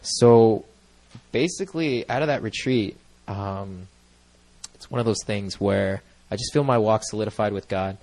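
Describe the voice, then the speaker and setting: At a church gathering, a young man rambles earnestly through his personal testimony at the microphone, leaning on "like" and "you know" and laughing readily. His voice is lowish with a darkish tone.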